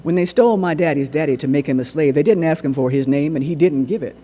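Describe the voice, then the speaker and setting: A man voicing an older, streetwise friend who speaks in slow, emphatic pronouncements in a staged story. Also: fairly high pitch, dark tone, close to an everyday voice. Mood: earnest. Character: older streetwise bookshop man, calm and wise.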